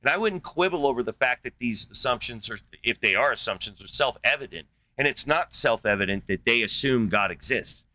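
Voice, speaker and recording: Guy hosting a debate stream, sharp forceful voice, combative and swearing a lot. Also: medium pitch, expressive, brisk, hardly any pauses. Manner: combative, insulting and profane. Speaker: debate show host. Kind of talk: heated live call-in debate.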